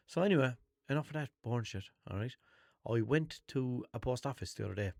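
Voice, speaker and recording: A man's voice: mid-range voice, expressive, fast talker, creaky, a little mellow, no room sound, clean studio sound. A man with an Irish accent hosting his own podcast, telling a story in a loose, exasperated, swearing ramble. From Limerick, Ireland. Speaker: podcast host. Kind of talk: unscripted casual rambling monologue.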